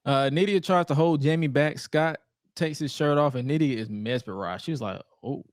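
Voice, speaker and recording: A man with a fairly high voice recaps wrestling on a podcast. His storytelling is animated, and he keeps slipping into put-on voices for the quotes. The sound is dry and close. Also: moderate pace, no echo. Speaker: podcast co-host.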